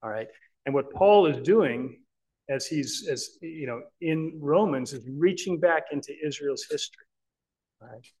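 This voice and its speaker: A man's voice: a little high, darkish tone, rough recording. Earnest, emphatic male preacher. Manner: earnest and emphatic, checks in with listeners by saying "all right". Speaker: preacher teaching from the Bible. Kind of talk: Bible teaching sermon.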